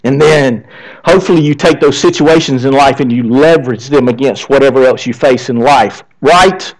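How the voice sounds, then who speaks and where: A man's voice: medium pitch, normal speed, low-quality recording. A male pastor preaching a sermon, asking the congregation rhetorical questions. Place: church.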